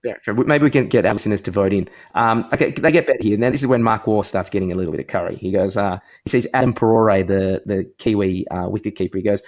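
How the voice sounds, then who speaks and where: A man's voice: fairly low pitch, fast, hardly any pauses, a little mellow. A man co-hosting a casual podcast, telling stories with lots of ums, uhs and restarts. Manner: rambling storyteller with many ums and restarts. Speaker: podcast co-host. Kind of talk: casual chat.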